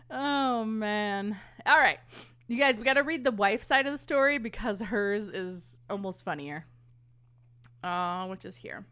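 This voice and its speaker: A woman's voice: medium pitch, animated, slow pace, pauses often, fairly bright tone, clear, resonant tone. A young adult woman hosting a podcast, casually reading a story aloud to her live chat and laughing often. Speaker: podcast host reading stories.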